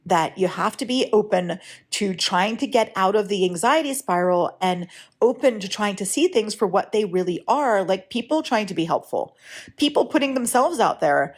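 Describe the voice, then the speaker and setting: A woman's voice: mid-range voice, lively intonation, normal speed. A woman who works as a writing coach, hosting a podcast in a casual, frank way, often checking in with "right?". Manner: chatty, keeps checking in with "right?"; frank, lightly profane. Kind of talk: casual solo podcast talk.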